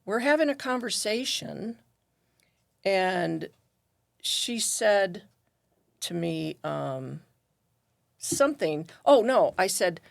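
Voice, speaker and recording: Woman, middle-aged, gravelly, dry close sound, animated storyteller. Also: mid-range voice, takes it slowly, long pauses, no echo. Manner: animated, acts out quoted voices. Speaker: guest. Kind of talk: storytelling in a conversation.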